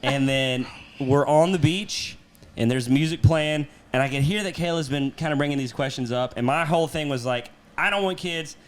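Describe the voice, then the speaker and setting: A man's voice: mid-range voice, moderate pace. A man hosting a podcast, telling a long comic story with lots of swearing and laughter. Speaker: podcast host, comedian. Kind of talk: casual storytelling chat.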